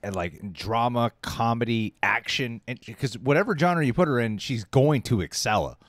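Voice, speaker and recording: A man co-hosting a casual live-stream chat about movies, opinionated and animated, laughing often. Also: medium pitch, normal speed, no echo, clean studio sound. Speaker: co-host of a movie talk stream.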